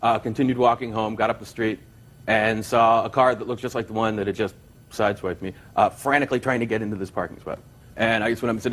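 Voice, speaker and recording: A man's voice: fairly low pitch, steady tone, a little fast, fairly bright tone. Rambling man telling his story in court. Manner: rambling storyteller, quoting with gusto. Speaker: plaintiff. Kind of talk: courtroom testimony.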